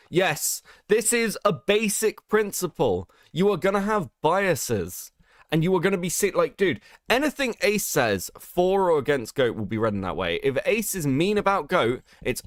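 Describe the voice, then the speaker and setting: A sarcastic British man hosts a casual livestream, swearing freely as he reacts to chat. His pitch swings widely from low mutters to high mocking notes. The sound is close and dry, with no room around it. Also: very animated, normal speed, no room sound. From Britain. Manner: sarcastic, swears a lot, mocking voices when quoting others. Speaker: streamer host.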